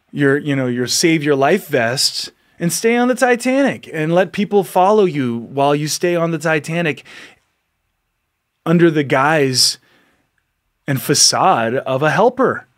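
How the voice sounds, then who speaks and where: A man with a fairly high speaking voice hosts a podcast and delivers a passionate motivational monologue straight to his listeners. He exhorts them earnestly, repeats his words as he builds momentum, and breaks into laughter now and then. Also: expressive, unhurried. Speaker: podcast host.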